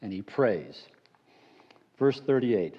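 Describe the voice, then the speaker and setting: A man preaching a sermon as pastor, retelling a story with playful, animated emphasis and then dropping into low, earnest appeals. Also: takes it slowly, husky, dull audio.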